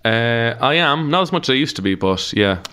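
A man's voice: mid-range voice, animated, brisk, bright, forceful tone, clear, resonant tone. A man with an Irish accent, a comedian guest chatting casually on a podcast and telling stories with laughs and swearing. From Ireland.

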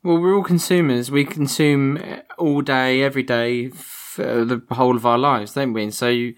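A man's voice: medium pitch, fairly even intonation, moderate pace. A man in a casual podcast chat, reflecting on points and hedging with "you know".

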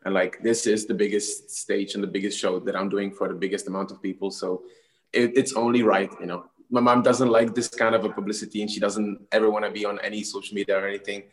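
Earnest low-voiced man from the Republic. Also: level tone, fast, low-quality recording. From Czech Republic. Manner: earnest, rambling with fillers. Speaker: guest singer. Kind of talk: interview answers.

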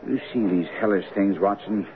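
An actor playing a brisk, commanding middle-aged male detective in a radio drama, with a crisp, precise delivery. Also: on the low side, natural voice. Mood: eager. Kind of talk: 1970s radio drama acting. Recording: tinny lo-fi radio broadcast with faint hiss.

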